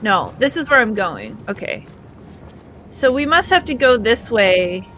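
A woman's voice: fairly high pitch, very animated, unhurried, a bit bright, slight background noise. Giggly Canadian woman streaming a game. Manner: giggly and chatty. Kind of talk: live gameplay chat, reading viewer comments.

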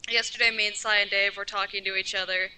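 A woman's voice: medium pitch, little pitch movement, fast, sharp tone, clear, resonant tone, rough recording. A young woman co-hosting a casual chat, playful and mock-exasperated. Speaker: podcast co-host.

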